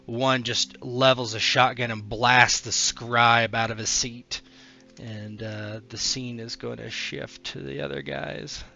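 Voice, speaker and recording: A man's voice: medium pitch, steady tone, slow, gravelly, pushed and bright, dull audio. A man running a tabletop role-playing game, narrating loosely with many fillers. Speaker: game master.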